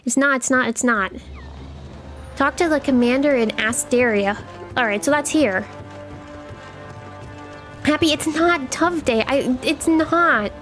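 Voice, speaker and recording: A woman's voice: high voice, a bit bright. A young woman streaming a game live, chatting with her viewers in a playful, teasing way.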